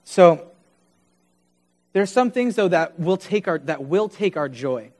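A man's voice: high-pitched, animated, slow, a little mellow. A young man preaching a sermon, earnestly telling personal stories with quoted dialogue.

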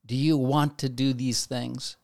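A man's voice: mid-range voice, level tone, unhurried, vocal fry, darkish tone, no echo, clean studio sound. A man giving a conversational devotional talk, now and then acting out quoted inner voices. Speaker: preacher.

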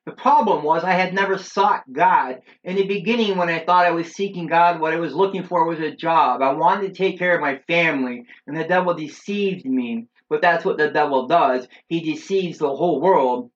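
High-voiced middle-aged man, earnest testimony. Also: moderate pace, hardly any pauses. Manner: earnest, preachy storytelling with frequent "uh" fillers. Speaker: church member giving his testimony. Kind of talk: personal religious testimony. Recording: dull lo-fi recording.

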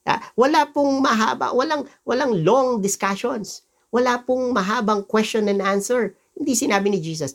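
A woman pastor with a Filipino accent preaching a sermon, mixing English and Tagalog and slowing down to stress scripture quotes. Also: fairly high pitch.

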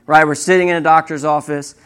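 A man's voice: a little high, fast, clear, resonant tone. A young man preaching a sermon in a conversational way, often checking in with the audience with "right?" and telling stories with animation. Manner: conversational, keeps asking "right?"; animated storytelling.

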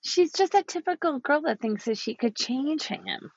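A woman's voice: high voice, animated, normal speed, vocal fry, no echo. Emphatic woman, dry dull recording. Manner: emphatic, indignant. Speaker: podcast co-host. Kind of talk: casual chat.

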